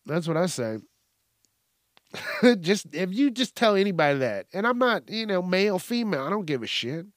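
A man's voice: sits high, big pitch swings, moderate pace, dry recording, studio quality. A man hosting a podcast, ranting bluntly in a casual, profanity-heavy style. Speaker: podcast host.

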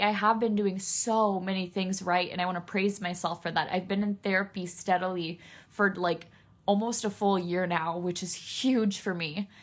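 Candid, emotional woman podcaster. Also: mid-range voice. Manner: raw, emotional, candid, swears freely. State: emotional, near tears. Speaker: podcast host. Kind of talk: solo podcast monologue.

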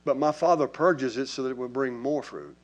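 A man's voice: medium pitch, fairly quick. A man preaching a sermon to his congregation in a church. He talks in an emphatic, conversational way and calls out to the people in front of him. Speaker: pastor.

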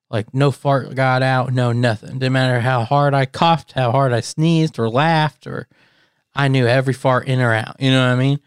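A man's voice: mid-range voice, smooth, no echo, studio quality. A young man co-hosting a podcast, telling rambling stories with lots of laughter and swearing. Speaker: podcast co-host. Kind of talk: casual chat.

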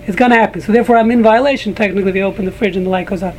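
A man's voice: high-pitched, racing, a little hiss or hum, rough recording. A man teaching a casual group Talmud class, rambling with frequent restarts and joking asides to a small room of listeners.

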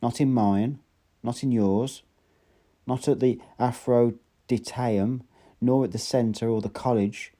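A man's voice: mid-range voice, fairly even intonation, takes it slowly, dark tone. A man doing a fretful, impatient young man.

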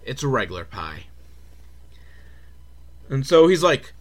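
A man's voice: mid-range voice, very animated, slow pace. A man hosting a comedic film recap, talking sarcastically and profanely with laughing asides. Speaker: host.

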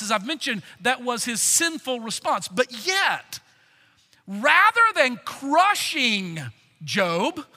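High, bright-voiced preaching pastor. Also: male voice, long reverb tail. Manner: earnest, expressive, with frequent rhetorical questions. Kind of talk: sermon.

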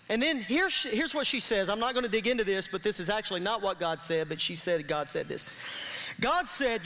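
Preaching with animation at a moderate pace, a high, bright-voiced pastor engages his congregation in call-and-response. The church sanctuary's vast space lends a long, lingering reverb.

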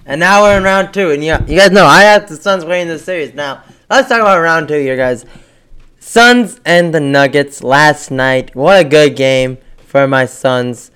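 Man, podcast co-host, casual sports chat, excitable, laughs a lot, somewhat high voice. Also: moderate pace, clear, resonant tone. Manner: excitable, laughs often, hypes his team.

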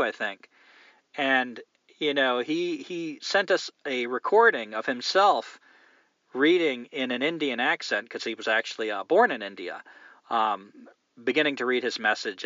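A man's voice: medium pitch, sharp tone, dry recording, dull audio. A man hosting a podcast, musing aloud at length in a casual, rambling way with many fillers. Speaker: podcast host.

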